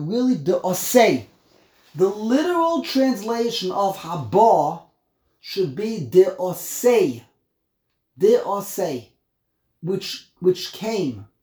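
A man teaching a text study class, explaining word by word, animated and emphatic, often repeating himself. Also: high voice, echoey room. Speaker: Torah teacher.

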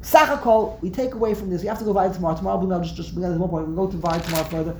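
A woman's voice: fairly low pitch, racing. Woman teaching a class in an echoey room. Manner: animated explaining, frequent word repeats, answers student interjections. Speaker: religious teacher. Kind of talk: text study class with students. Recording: roomy echo, faint background noise.

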